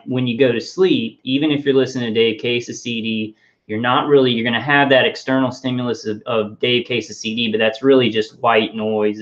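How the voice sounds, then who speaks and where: A man speaks straight to his viewers in a loose, rambling monologue. He often stalls, repeats words and reaches for fillers before going on. His voice sits in an ordinary middle pitch, and the audio is muffled and lo-fi. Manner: rambling, halting, many restarts and fillers. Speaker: vlogger.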